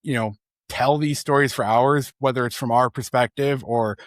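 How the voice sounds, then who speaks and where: A man's voice: medium pitch, normal speed, no room sound, clean studio sound. Chatty male podcast storyteller. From Chicago area, USA. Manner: animated anecdote-telling, many fillers. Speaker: podcast co-host. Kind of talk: casual chat, storytelling.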